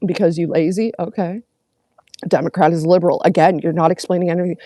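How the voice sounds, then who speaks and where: Sarcastic woman streamer, mellow voice. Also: fairly low pitch, fairly even intonation, quick pace, no echo. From Canada. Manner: sarcastic, profane, mocking commenters. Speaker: livestreamer. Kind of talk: casual livestream chat reading comments.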